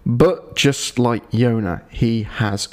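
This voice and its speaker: A man's voice: medium pitch, takes it slowly, a little mellow. A man hosting a podcast, giving a digressive episode review with dry, wry asides. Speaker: podcast host.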